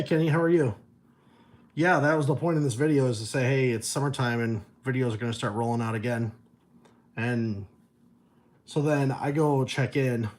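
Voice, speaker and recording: A man's voice: mid-range voice, a little mellow. Laid-back profane man chatting to viewers. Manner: loose, profane, chuckles often. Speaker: vlogger reading viewer chat. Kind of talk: casual livestream chat.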